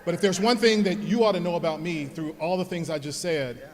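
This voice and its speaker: A man giving a heartfelt speech at an alumni event, telling personal stories and speaking softly when he thanks his parents. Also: fairly high pitch, a little fast. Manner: earnest, storytelling, grows soft when thanking his parents. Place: large hall at an alumni event. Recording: long hall reverb.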